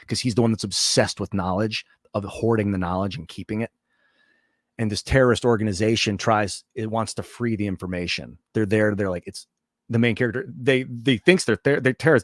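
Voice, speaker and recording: A man's voice: lowish voice, no room sound, studio quality. A man hosting a livestream, telling a long story in a loose, profane, rambling way with many restarts. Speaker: livestream host.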